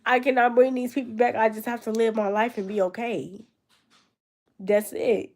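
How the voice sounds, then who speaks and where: A woman's voice: on the high side, steady tone, moderate pace, darkish tone. A young woman talking casually and reflectively to camera in a room at home, loose and conversational with many fillers. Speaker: vlogger. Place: her grandmother's room at home.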